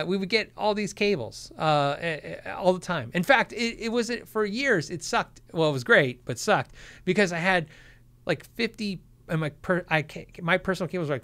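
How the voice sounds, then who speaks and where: Lively high-voiced man hosting a chat. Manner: animated, laughs often, acts out quoted people. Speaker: host answering viewer questions. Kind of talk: casual livestream Q&A.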